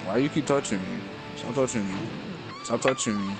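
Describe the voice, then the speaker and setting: A man's voice: medium pitch, brisk, gravelly, over loud music. A young man, an uncle, chatting casually on a gaming headset at home, teasing and repeating short commands over and over. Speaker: uncle scolding his nephew. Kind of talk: casual chat.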